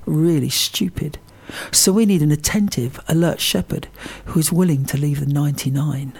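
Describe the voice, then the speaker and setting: Man, meditation teacher; gravelly tone, measured and reflective delivery. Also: a little high, darkish tone. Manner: slow and deliberate, stressing single words.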